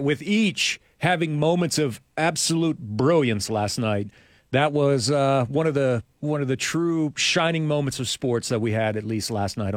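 A man's voice: fairly high pitch, dry recording. A man hosting a casual morning radio show in a studio, rambling and chuckling often.

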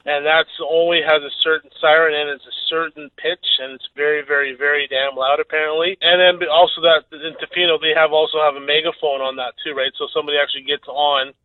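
A man calls in to a radio show on a tinny phone line, making his point emphatically. His voice sits a little high and sounds dry. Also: little pitch movement, fast, hardly any pauses, no room sound. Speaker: caller. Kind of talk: calling in to a radio talk show.

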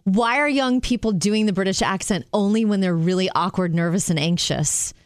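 A woman's voice: medium pitch, normal speed, no room sound. A middle-aged woman co-hosts a talk show with an upbeat manner, chatting and reading short news teasers. The sound is close and dry. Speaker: radio show co-host. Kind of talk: casual chat.

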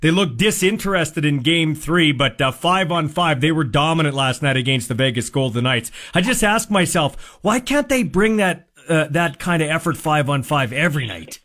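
High-voiced chatty sports radio host man. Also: expressive, fairly bright tone, no room sound. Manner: quick, chatty, loose with fillers.

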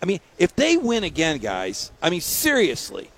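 A man as a guest on a sports radio show, talking in emphatic, rapid-fire rants with repeated words. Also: fairly high pitch, wildly swooping pitch, a bit bright. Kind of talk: phone-in sports radio interview.

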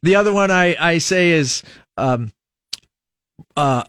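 A man's voice: on the high side, animated, slow pace, pauses often, fairly bright tone, dry recording. A middle-aged man from the United States hosting a local radio show in a studio, rambling in a casual, self-mocking way and laughing at his own slips. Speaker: radio host. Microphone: studio microphone.

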